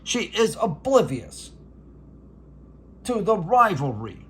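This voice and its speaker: A man voicing a veteran male sportscaster doing bombastic, drawn-out ringside play-by-play over a mock bout. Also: high-pitched, very animated, a little hiss or hum, pitched above the performer's own voice, exaggerated voice. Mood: grandiose.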